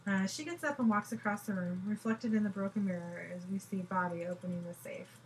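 A woman narrating scenes from a TV episode in a brisk, matter-of-fact way, her pitch sitting in the middle range. A faint hiss of room tone runs underneath. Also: poor audio. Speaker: podcast host describing a TV episode. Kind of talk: reading out scene description and dialogue.

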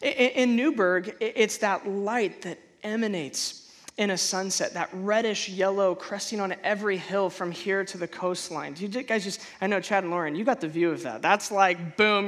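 A man preaching a sermon in a conversational way, stumbling and restarting often, then bursting out loudly when he acts out a feeling. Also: sits high. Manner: animated, conversational, frequent restarts and stammers. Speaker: pastor.

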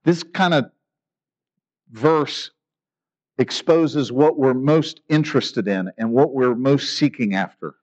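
A man's voice: mid-range voice, takes it slowly, pauses often, dull audio. A man preaching a sermon in an earnest, emphatic way, asking rhetorical questions. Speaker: pastor.

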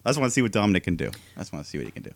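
A man's voice: sits low, big pitch swings, racing. A laid-back man co-hosting a podcast, recapping wrestling in casual chat. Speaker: podcast co-host.

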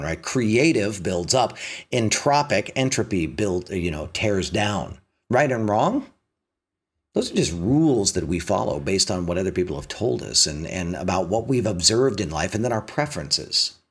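Husky, lively-voiced male self-help speaker. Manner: animated, rising pitch when emphatic, drops low and soft for punchlines. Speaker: motivational speaker. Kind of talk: spiritual self-help talk with storytelling.

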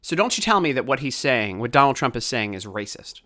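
Male podcast host from Baltimore, heated ranting commentary, bright and sharp voice. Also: medium pitch, very animated, a little fast. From Baltimore, USA. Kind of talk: opinionated political commentary.

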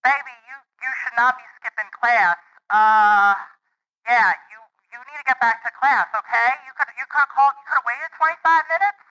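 A woman's voice: fairly high pitch, brisk, sharp tone, highs cut off. A woman doing a doting, fussy mom with a put-on accent. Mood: fussing. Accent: put-on, called horrible by a player. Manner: fussy, calls her son baby. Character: doting middle-aged mom running a shop.

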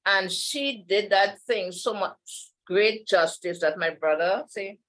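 A woman's voice: mid-range voice, slow, a bit bright, low-quality recording. A woman talks as a podcast guest, easy and meandering. She drifts from one thought to the next and laughs often. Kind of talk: casual interview chat.

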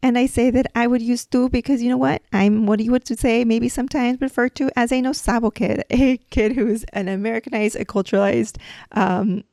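Brisk and a little high, this woman's voice has fairly even intonation and a darkish tone, captured as clean studio sound without echo. A dental hygienist from a Mexican family raised in the US, she gives a casual podcast lesson on dental Spanish, explaining patiently through examples with frequent "um"s and "like"s.

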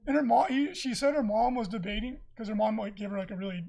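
A young man co-hosting a podcast, chatting casually and reading out viewer comments with quick rambling asides. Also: sits high, gravelly, darkish tone. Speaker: podcast co-host.

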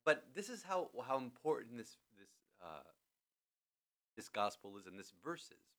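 A man hosting a podcast in a studio, talking through a scripture passage in a relaxed, chatty way with many restarts. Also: mid-range voice, moderate pace. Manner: animated, lots of restarts and "you know". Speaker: podcast host. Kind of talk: conversational scripture commentary. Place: studio in a building with thin walls.

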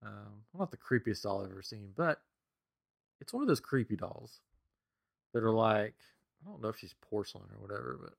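Male podcast co-host, middle-aged, animated storyteller, lively pitch, dry close mic. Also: normal speed, gravelly, long pauses, dry recording. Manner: animated, laughing often. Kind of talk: casual storytelling.

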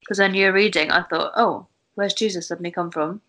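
Woman, group leader, calm and steady delivery, low pitch movement. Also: brisk. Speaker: Bible study group leader. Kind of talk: casual group discussion.

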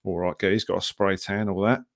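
Essex man, podcast co-host, rambling joking manner, lowish voice. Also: steady tone, brisk, no room sound, clean studio sound. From Essex, England. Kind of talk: casual chat.

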